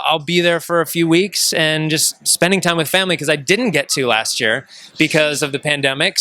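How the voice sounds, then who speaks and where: A man's voice: fairly high pitch, sharp tone, clear, resonant tone, no room sound. A man hosting a casual chat, upbeat and chatty, asking friendly questions. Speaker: host.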